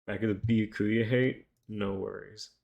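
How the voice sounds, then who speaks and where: A man's voice: fairly low pitch, steady tone, unhurried, creaky, darkish tone, highs cut off. A man streaming a visual novel, reading out all the characters' lines and chatting casually with his viewers between scenes. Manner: reads every character's lines himself, then breaks into loose swearing chat. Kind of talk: reading game dialogue aloud while streaming. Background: game music.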